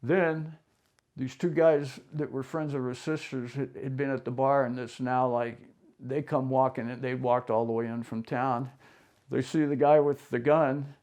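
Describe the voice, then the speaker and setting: A man's voice: medium pitch, steady tone, moderate pace, a little mellow. An older man telling rambling anecdotes in an interview, acting out other people's lines along the way. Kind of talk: casual storytelling.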